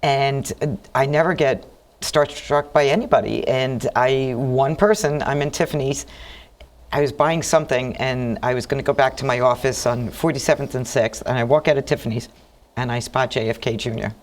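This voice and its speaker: Animated New woman telling stories. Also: rumbling low, normal speed, slight background noise. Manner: animated, acts out quotes in lively voices. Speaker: talk show host. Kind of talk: chatty storytelling. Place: TV studio.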